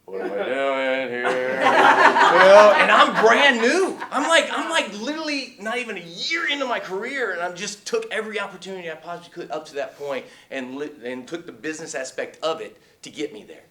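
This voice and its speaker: Guy on an acting panel telling wild set stories, high lively voice, keeps laughing. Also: brisk, few pauses. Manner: laughing, excitable storyteller. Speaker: working actor on a panel. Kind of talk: animated anecdote telling. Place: acting studio workshop.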